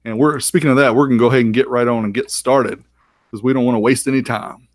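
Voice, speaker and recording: Upbeat male co-host for a live-streamed interview, middle pitch, dry close recording. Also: steady tone, quick pace, dry recording. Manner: upbeat, welcoming, moves the show along. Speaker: podcast co-host.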